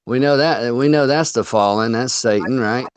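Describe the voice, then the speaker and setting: A man's voice: medium pitch, normal speed, clear, resonant tone, dry recording. A man hosting a casual chat from a home under renovation, rambling along with frequent fillers and laughs. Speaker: host.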